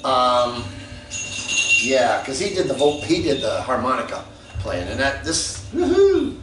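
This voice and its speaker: Excitable man with hip slang. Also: mid-range voice, unhurried, recorded from a distance. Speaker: record review host. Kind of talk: casual enthusiastic monologue. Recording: roomy echo, off-mic, faint noise.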